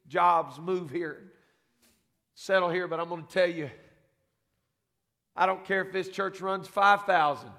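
A man preaching a fervent sermon as senior pastor, building up to shouts. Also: sits high. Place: church sanctuary. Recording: long church reverb.

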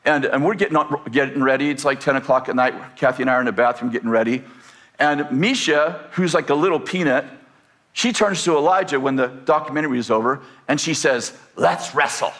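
A man's voice: medium pitch, a little fast, a bit bright. An older man giving a sermon, rambling through a family story with many fillers and restarts, then building into emphatic declarations. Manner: rising, emphatic preaching in declarations. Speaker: preacher.

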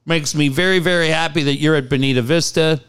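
A man in his forties hosting a talk radio show, telling blunt, animated stories with swearing and reading ads. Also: fairly high pitch, fairly quick, clear, resonant tone. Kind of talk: casual sports talk and live ad reads.

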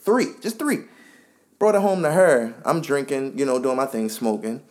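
A man telling a story in a casual podcast chat, animated and full of slang. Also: mid-range voice, moderate pace. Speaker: podcast co-host.

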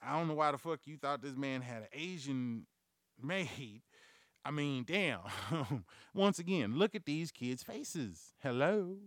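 A man hosting a comedy news podcast, ranting loudly and profanely, acting out quoted voices as he tells stories. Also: fairly high pitch, a little slow, no room sound, clean studio sound. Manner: profane, loud, animated storytelling. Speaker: podcast host.

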